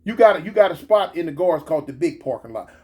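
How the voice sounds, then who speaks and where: A man telling a story in a casual, slangy, animated way. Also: on the high side, quick pace, slightly rough. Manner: animated, slangy, switches into excited quoted voices.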